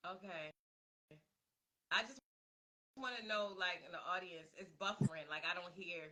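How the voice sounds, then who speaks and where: Woman rapper from baltimore, bright sharp voice, laughs a lot, chatty. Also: fairly low pitch, moderate pace, low-quality recording. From Baltimore, USA. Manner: chatty and laughing, many fillers. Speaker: rapper, interview guest. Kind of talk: casual conversation.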